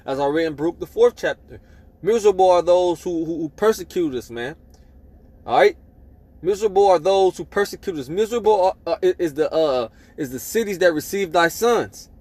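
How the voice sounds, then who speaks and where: A man with a high, expressive, slightly mellow voice preaches at a fairly quick pace. As he reads scripture, he emphatically pushes each point home with "man" and "all right?".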